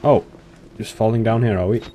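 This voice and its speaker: A man's voice: on the low side, fairly even intonation, a little fast, dark tone, a little hiss or hum. A young man giving nervous commentary on a horror game, swearing and talking to himself and to the characters. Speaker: gamer. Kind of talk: horror let's play commentary.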